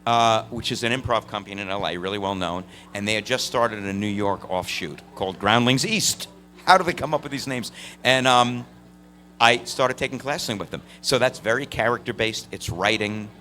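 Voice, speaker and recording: A man on a convention panel, telling animated stories full of fillers and laughs. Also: lowish voice, normal speed, a little hiss or hum. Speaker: voice actor panel guest. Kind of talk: storytelling on a live convention panel.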